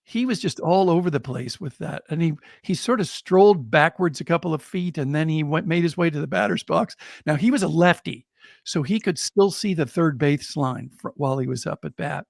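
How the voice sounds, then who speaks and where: American guy spinning a yarn on a podcast, lively and chuckly, kinda raspy. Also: fairly high pitch, fairly quick, dry recording, studio quality. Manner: lively, chuckling, builds excitement as he tells it. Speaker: storyteller. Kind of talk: telling a personal anecdote on a podcast.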